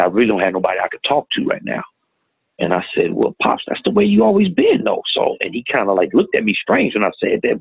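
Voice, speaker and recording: A middle-aged man telling a painful personal story in a plain-spoken, halting way, recorded with tinny phone-like sound. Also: on the low side, gravelly, slightly rough, no room sound. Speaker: guest telling his story. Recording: tinny phone-like audio, dry.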